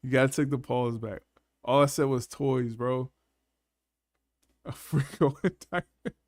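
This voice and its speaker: A man's voice: medium pitch, steady tone, measured pace, dry recording, clean studio sound. A man hosting a casual live panel chat, laughing often and talking in loose, slangy banter. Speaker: panel host.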